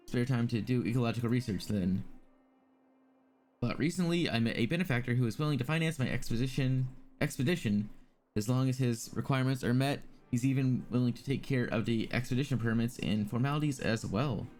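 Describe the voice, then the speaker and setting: A man's voice: medium pitch, a little fast, a little mellow, close to an everyday voice. A man reading the lines of a chatty young woman zoologist in a game, in an eager, rambling manner, with faint music behind. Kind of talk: reading game dialogue aloud.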